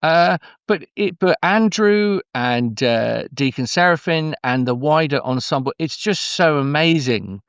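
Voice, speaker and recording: A middle-aged man, a storyteller talking as a guest in a relaxed interview, meandering and effusive with many restarts. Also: fairly high pitch, a little slow, hardly any pauses, clear, resonant tone, no room sound, dull audio. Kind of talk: conversational interview.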